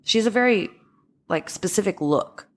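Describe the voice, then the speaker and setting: A woman's voice: mid-range voice, animated, normal speed. A woman co-hosting a podcast in casual chat, nasal from a stuffy nose, rambling with fillers and restarts. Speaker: podcast co-host.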